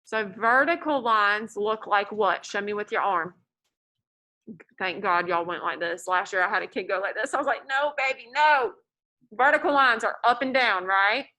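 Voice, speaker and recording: A woman teaching a math class in a classroom, lively and joking as she tells stories to her students. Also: mid-range voice, normal speed.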